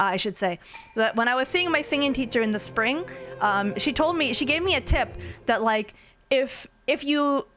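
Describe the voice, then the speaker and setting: A woman's voice: on the high side, a bit bright. A woman streaming casually, playful and giggly, trying out silly voices between chatting with viewers.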